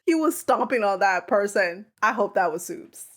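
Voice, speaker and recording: A woman's voice: mid-range voice, expressive, moderate pace. A woman hosting a reaction video, talking bluntly and with exasperation, scolding the characters, gasping and laughing as she watches. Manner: gasps and laughs freely. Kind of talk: casual reaction commentary.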